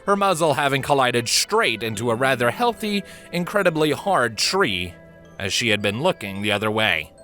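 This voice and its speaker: A man narrating a fan story aloud in a lively, expressive storytelling manner. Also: mid-range voice, moderate pace, faint music behind. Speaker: reader.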